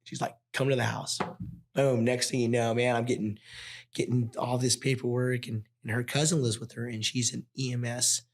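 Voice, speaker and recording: A man's voice: medium pitch, level tone, normal speed. A man from Nevada, a wildland firefighter guest on a podcast, talking casually and emphatically, swearing often and acting out his own past thoughts. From Nevada, USA. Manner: emphatic, profane storytelling with quoted self-talk. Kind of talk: casual conversation.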